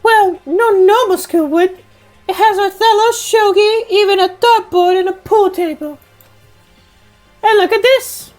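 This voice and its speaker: Woman reading as a high, mannerly teen boy, calm and curious, faint game music behind. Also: a little slow.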